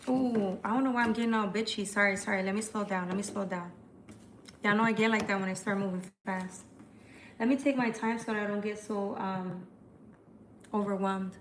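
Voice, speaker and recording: Chatty female tarot reader, live stream, rushing, faint background noise. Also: medium pitch, steady tone. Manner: chatty, fast, repetitive restarts. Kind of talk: live tarot forecast reading.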